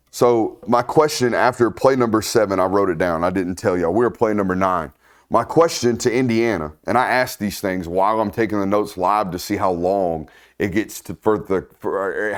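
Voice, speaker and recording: A man hosting a football film-study show, talking through plays in a loose, salty, animated way and checking in with his co-host. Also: medium pitch. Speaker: host breaking down game film. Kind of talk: casual film-study commentary.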